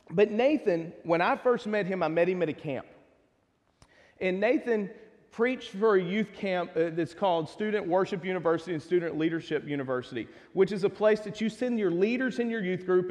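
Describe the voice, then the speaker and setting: A man's voice: high-pitched, darkish tone. A man with a Texas accent, preaching a casual sermon as pastor, chatty and joking, with asides to the congregation. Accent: Texan. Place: church sanctuary. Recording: long hall reverb.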